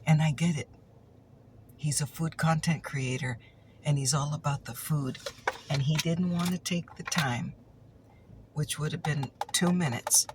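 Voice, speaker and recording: A woman's voice: sits low, steady tone, measured pace, pauses often, noisy background. A woman telling a chatty ASMR story, teasing and repeating her punchlines, sometimes dropping into a whisper.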